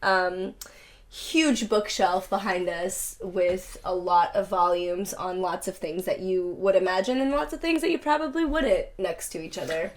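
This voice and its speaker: A woman's voice: lowish voice, a little slow, a little hiss or hum. A woman hosting a casual podcast chat. She is chatty and giggly and laughs often. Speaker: podcast host.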